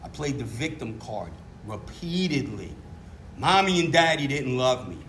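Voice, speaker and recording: A man's voice: medium pitch, big pitch swings, a little slow, a bit bright, a little hiss or hum. A middle-aged man giving candid, self-mocking recovery testimony as a meeting speaker. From New York. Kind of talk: personal testimony talk.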